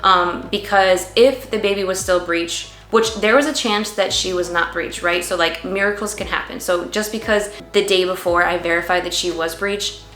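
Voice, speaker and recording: A woman's voice: lowish voice, fairly even intonation, moderate pace, few pauses, fairly bright tone, reverberant. A mother in her thirties earnestly telling her birth story to the camera, emotional and full of "like" fillers.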